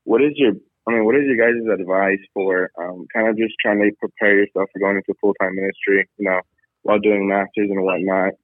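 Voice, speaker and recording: A young man in his twenties calling in, politely asking for advice with many pauses. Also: fairly low pitch, steady tone, no room sound. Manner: polite, hesitant with many ums. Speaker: caller, university student. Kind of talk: phone question to show. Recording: tinny phone line, dry.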